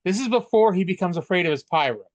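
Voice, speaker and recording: A man's voice: high voice, expressive, fast, dry recording, highs cut off. A man co-hosting a casual wrestling podcast, chatty and stammering through restarts, swearing freely. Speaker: podcast co-host. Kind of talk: casual wrestling recap chat.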